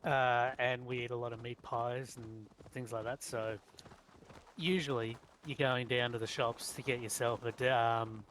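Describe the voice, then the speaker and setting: A man's voice: medium pitch, steady tone, unhurried, fairly bright tone, slight background noise. A man with an Australian accent, co-hosting a casual podcast chat and explaining slang. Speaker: podcast co-host.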